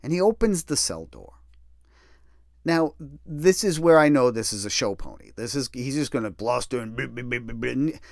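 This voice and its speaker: A man telling a story in a casual, profane and animated way. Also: mid-range voice, moderate pace, gravelly, no room sound, studio quality. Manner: profane, animated, restless retelling. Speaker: storyteller recounting prison time.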